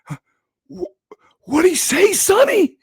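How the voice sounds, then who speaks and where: A man voicing a confused, hard-of-hearing old grandfather who shouts his questions. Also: very high voice, very animated, takes it slowly, gravelly, dry recording, studio quality, voice pushed up, heavily acted. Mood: confused shouting.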